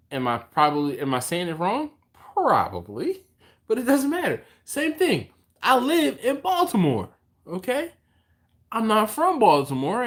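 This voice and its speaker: A man from Philadelphia hosting a casual barbecue livestream, reading out viewer comments and chatting back to them. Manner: animated, jumps in pitch when quoting others. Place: home, live stream.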